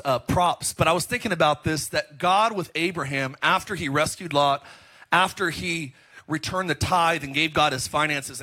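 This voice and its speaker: A middle-aged man preaching a sermon as pastor, telling stories in an animated, joking way. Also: fairly high pitch. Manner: animated, joking storytelling with laughs.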